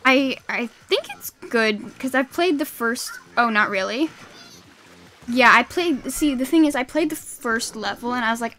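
A young woman chatting casually while streaming a game, excitable and quick to laugh, with sudden shrieks at the game. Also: on the high side. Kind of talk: casual gaming stream chat.

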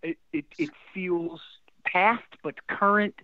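A middle-aged man, a guest musician telling stories in a casual interview, animated and emotional, often restarting his sentences. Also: high-pitched, takes it slowly. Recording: dry tinny phone-like line.

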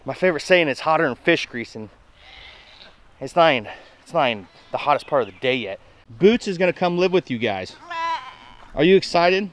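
A man hosting a casual farm vlog outdoors, chatting folksily to the camera and talking to his goats in an excited sing-song. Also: a little high, brisk, pauses often. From Nebraska, USA. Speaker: homestead vlogger.

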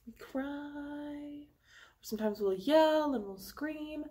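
A woman music teacher leading an online lesson for young children, talking slowly and encouragingly and singing short phrases with an instrument. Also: high voice, dark tone.

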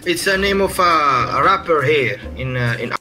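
A man from Morocco, speaking haltingly and searching for words in a video chat. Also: fairly high pitch, lively intonation.

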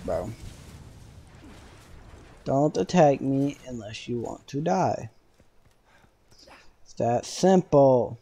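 A young man casually commenting on his gameplay for viewers, joking around and now and then bursting out in loud excitement. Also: medium pitch, extremely slow, long pauses, breathy edge. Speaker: gaming streamer.

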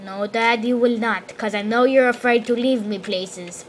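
A woman's voice: on the high side, fairly even intonation, moderate pace, a little hiss or hum, natural voice. A woman voicing a young son in a game who whines and pleads with his father. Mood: pleading. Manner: whiny, pleading.

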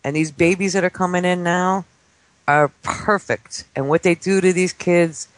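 A man in his forties, a guest on a talk radio show, telling stories excitedly and acting out the voices of children. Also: high voice, moderate pace, no room sound. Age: 40s. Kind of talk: casual talk-radio chat. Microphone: studio microphone.

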